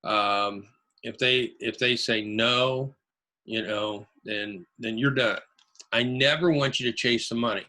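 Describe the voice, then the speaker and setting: A man with a bright, forceful voice teaches a live online class. He hammers home his key phrases and repeats them, coaching his listeners in an emphatic way. His pitch sits in the middle for a man. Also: fairly even intonation, slow pace. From Ohio. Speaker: real estate investing instructor. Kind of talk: webinar teaching.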